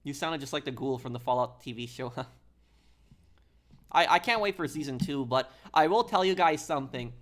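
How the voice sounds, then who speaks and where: A man streaming a game, chatting casually and haltingly, reading out and answering chat. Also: mid-range voice, a bit bright.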